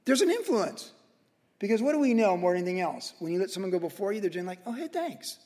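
A man in his sixties preaching a sermon, telling everyday stories in a loose conversational way with quick asides. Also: high-pitched, lively intonation, a little mellow. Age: 60s. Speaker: pastor. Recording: long hall reverb.

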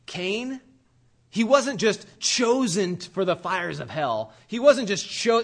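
A man's voice: sits high, slow. Slangy, laid-back male preacher. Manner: laid-back, slangy and animated, acting out characters. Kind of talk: casual sermon.

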